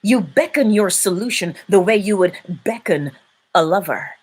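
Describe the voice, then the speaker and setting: A woman hosting a live-stream inspirational talk, preaching in an animated way and laughing often. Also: mid-range voice, normal speed, husky. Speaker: inspirational speaker and host.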